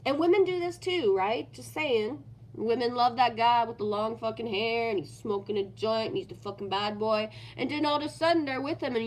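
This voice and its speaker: Swearing, high-voiced woman ranting on a livestream. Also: normal speed. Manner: swears constantly, ranting and animated. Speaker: livestream host reading viewer comments. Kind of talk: casual unscripted livestream chat.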